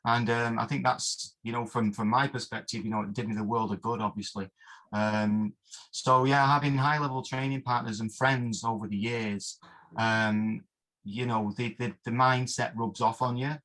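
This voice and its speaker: A man's voice: mid-range voice, fairly even intonation, moderate pace, fairly bright tone. A man, a martial arts instructor, rambling through interview anecdotes with plenty of fillers and mild oaths. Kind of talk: interview storytelling.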